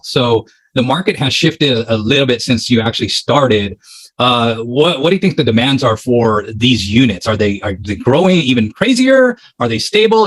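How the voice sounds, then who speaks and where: A man's voice: mid-range voice, a bit bright, slightly rough, dry recording. A man hosting a podcast interview, asking questions and giving brief, encouraging reactions. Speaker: podcast host.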